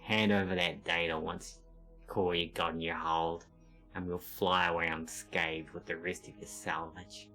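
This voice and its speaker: A smug space pirate captain hails his prey in a low, silky, menacing drawl, as a man puts him on. The voice sits deep and steady, with a faint bed of game music behind it. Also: a little slow, full character voice. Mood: smug threat. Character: smug male pirate captain hailing over comms.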